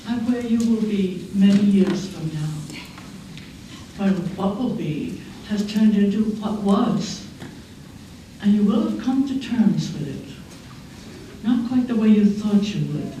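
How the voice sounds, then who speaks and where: A woman in her eighties giving a reflective keynote speech in a measured, aphoristic way, in a large conference hall. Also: mid-range voice, mellow. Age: 80s. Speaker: keynote speaker. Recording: echoey hall, distant mic, faint noise.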